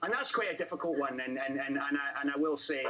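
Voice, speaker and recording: A man from London, an actor answering interview questions in a halting way, often repeating words. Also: a little high, over a noisy crowd, poor audio. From London, England. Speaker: actor guest.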